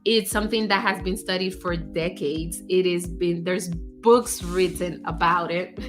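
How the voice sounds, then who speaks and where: A woman career coach giving casual advice, animated, acting out example phrases and laughing often. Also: lowish voice, unhurried, music in the background. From United States.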